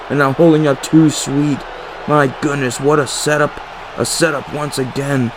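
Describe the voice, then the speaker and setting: A man doing excitable, casual play-by-play commentary on a wrestling match. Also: medium pitch, background noise. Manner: excitable, emphatic, casual swearing.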